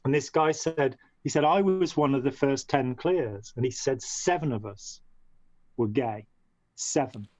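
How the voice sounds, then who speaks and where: Unhurried and darkish in tone, this mid-range male voice belongs to a podcast guest who used to be in a movement. His long conversational story rambles and restarts, full of "you know." The lo-fi recording is dull and dry, with no room sound.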